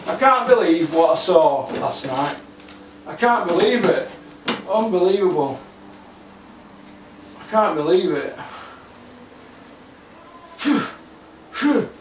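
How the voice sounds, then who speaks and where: Exasperated high-voiced man ranting. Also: expressive, slow, long pauses, recorded from a distance, a little hiss or hum. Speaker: boxing commentator. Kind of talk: ranting vlog monologue. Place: home gym. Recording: echoey room, off-mic.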